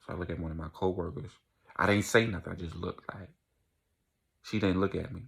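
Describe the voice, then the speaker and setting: A man's voice: deep voice, steady tone, a little fast, gravelly, husky. A young man telling a casual storytime vlog, acting out the voices of people in his story.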